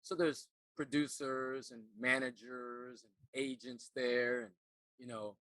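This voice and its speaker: A middle-aged man's voice, bright and forceful, recorded dry and close. He is an actor turned life coach, telling a personal story earnestly. He stops and repeats words as he remembers. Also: medium pitch, steady tone, dry recording. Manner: earnest, halting, repeats words while recalling.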